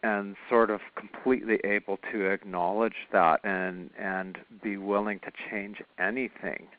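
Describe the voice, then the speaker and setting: A man's voice: lowish voice, little pitch movement, measured pace. A man taking part in a workshop call, speaking hesitantly with many fillers. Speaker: workshop participant. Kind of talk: question on a group call. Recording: phone-like call audio.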